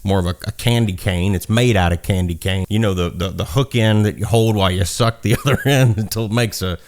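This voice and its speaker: A man's voice: on the low side, a little fast. A man with a Southern accent giving a casual product review, rambling, swearing and poking fun at himself. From South Carolina, US. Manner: rambling, profane, self-mocking, laughs at own jokes. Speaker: gun reviewer.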